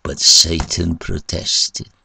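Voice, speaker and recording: A man reading a story aloud in measured, scripted narration. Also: deep voice, little pitch movement, gravelly, sharp tone, slight background noise. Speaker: reader.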